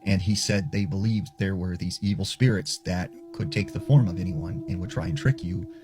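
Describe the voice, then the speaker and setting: In a low, very animated voice at a moderate pace, a man spins a spooky tale in a casual, chatty way, leaning heavily on filler words. Music plays in the background.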